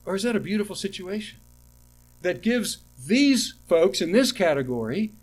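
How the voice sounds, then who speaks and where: A middle-aged male pastor preaching in a voice pitched a little above most men's. He swings from loud, emphatic lines to quiet asides. He circles back and restarts phrases as he tells stories to the congregation. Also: big pitch swings, normal speed, breathy edge. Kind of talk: sermon.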